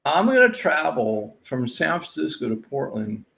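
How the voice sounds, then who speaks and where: A man's voice: mid-range voice, very animated, unhurried, gravelly, a bit bright, a little hiss or hum, heavily acted. A man putting on a whiny, self-pitying young college athlete to mock him. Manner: mocking, whining.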